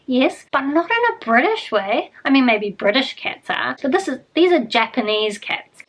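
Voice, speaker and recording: A woman's voice: sits high, normal speed, few pauses, fairly bright tone, low-quality recording. A woman talking casually in a reading vlog, rambling and chatty, often correcting herself mid-sentence. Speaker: book vlogger.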